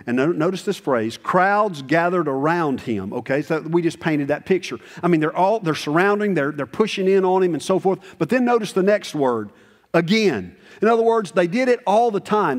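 A man in his sixties preaching a sermon as pastor, conversational and animated, with sudden high bursts of emphasis. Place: church sanctuary. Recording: long church reverb.

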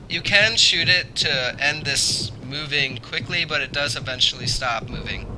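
A man's voice: fairly high pitch, lively intonation, unhurried, noisy background. A young man hosting a let's play, talking through the game and yelping and repeating himself when something startles him. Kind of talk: gameplay commentary.

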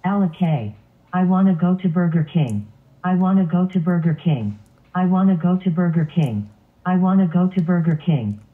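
A man's voice: high-pitched, lively intonation, moderate pace. A man voicing a bratty male lion who whines and keeps repeating his demands. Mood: whiny. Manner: whiny, repetitive demands. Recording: tinny phone-like sound.

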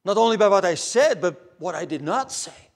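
A man preaching a sermon as pastor, earnest, moving between raised emphasis and hushed near-whispers. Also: high-pitched, animated, normal speed, gravelly. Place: church pulpit.

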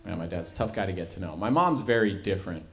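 A young man performing a stand-up set, animated and leaping into high excited voices for the people in his stories. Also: quick pace, noisy background. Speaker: stand-up comedian. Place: comedy venue. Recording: loud laughing crowd.

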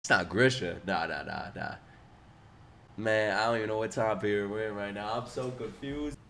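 A young man giving profane, excitable reaction commentary on an anime, breaking into loud laughs and shouts. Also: fairly low pitch, moderate pace. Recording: anime soundtrack playing loudly behind.

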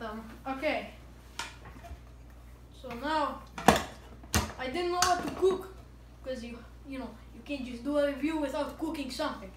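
A woman with a high voice talks in a playful put-on Russian accent and broken English, joking as she cooks. She sounds distant from the mic in an echoey home kitchen with clear background noise. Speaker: vlogger. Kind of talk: casual cooking review vlog.

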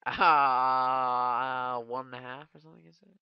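Crude, excitable man trash-talking over gameplay. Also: mid-range voice, measured pace, clean tone, no echo, lo-fi sound. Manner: crude, joking trash talk with excitable outbursts. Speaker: gaming channel host. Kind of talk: casual gameplay commentary.

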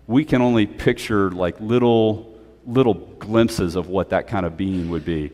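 A male pastor preaching a sermon in a conversational, animated way, with playful asides. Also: fairly low pitch, unhurried, in a large hall. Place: church sanctuary.

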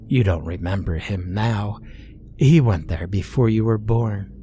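A man voicing a loving, dying old grandmother who speaks softly and soothingly in a horror story. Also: on the low side, unhurried, a little hiss or hum, close to an everyday voice. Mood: tender. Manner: soft, tender, soothing.

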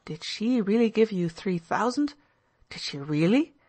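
An uneasy, reproachful young man who presses his friend with worried questions, as a woman narrator reads him. The voice sits a little higher than her narration, and the recording is close and dry. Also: very animated, measured pace, darkish tone, no room sound.

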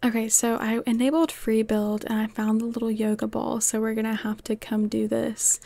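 A woman giving chatty, excitable commentary over a life-simulation game as she plays, often gasping and laughing. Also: a little high, normal speed, gravelly, no room sound. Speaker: game streamer. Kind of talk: casual gameplay commentary.

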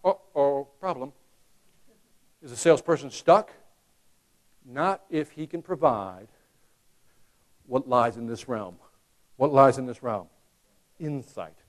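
A man giving a lively sales training talk to a live audience, acting out customer voices and joking with the crowd. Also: mid-range voice. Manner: animated, acts out customer voices, jokes with the crowd. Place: conference hall.

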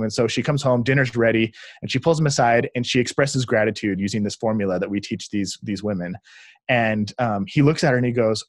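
A man's voice: on the low side, fairly quick, dry recording. Enthusiastic man telling stories, dry sound. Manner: enthusiastic, acts out quoted speech. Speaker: guest, relationship researcher. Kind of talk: conversational storytelling.

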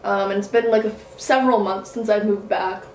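A woman's voice: medium pitch, fairly even intonation, brisk, darkish tone, slight background noise. A young woman from Canada chatting casually and jokingly to the camera while she eats, swearing now and then. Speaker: vlogger. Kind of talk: casual mukbang chat while eating. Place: room at home. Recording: echoey room, mic at a distance.

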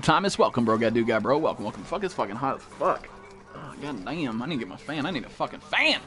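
A young man streams a game live and talks to his viewers in a brash, swearing, casual voice. He often breaks into sudden high-pitched yelps, and his pitch swings widely. Faint music plays behind him. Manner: loud, profane, jumps into high yelps. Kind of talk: live-stream chat while gaming.

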